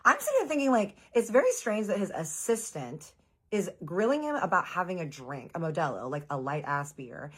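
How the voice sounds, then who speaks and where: A woman telling her viewers a story in a casual, chatty way, full of "like" and casual swearing, voicing her own reactions in high jumps. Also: very animated, brisk, fairly bright tone, breathy edge.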